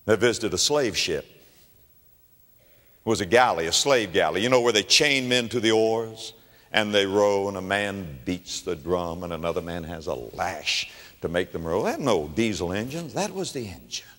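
A man's voice: low voice, animated, moderate pace, fairly bright tone. A male preacher giving a sermon, telling stories emphatically and repeating key phrases. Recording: long reverb of a large hall.

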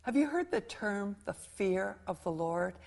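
A middle-aged woman hosts a Christian television talk show. Her voice is strongly gravelly with a lot of fry. She speaks in the middle of her range and puts earnest emphasis on her questions. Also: mid-range voice, lively intonation, measured pace, darkish tone. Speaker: host.

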